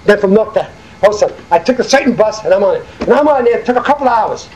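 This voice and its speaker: Elderly high-voiced New man storytelling. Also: rapid-fire, echoey room, muffled recording, slight background noise. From Hackensack, New Jersey. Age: older. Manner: animated, acts out quoted dialogue. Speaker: war veteran interviewee. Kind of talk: oral history storytelling.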